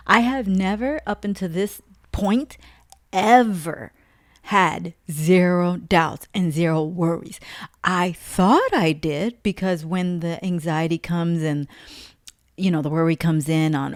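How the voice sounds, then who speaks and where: Slow, earnest woman sharing faith testimony. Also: on the low side, no room sound, clean studio sound. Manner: earnest, emotional, repeats phrases for emphasis. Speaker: faith vlogger. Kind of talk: personal spiritual testimony.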